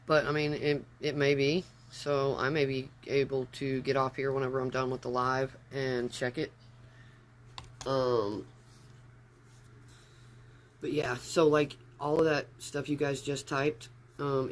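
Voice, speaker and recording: A man with a slightly high voice chats casually on a livestream from his phone, rambling and easily sidetracked. He's in an upstairs room at home, with slight background noise.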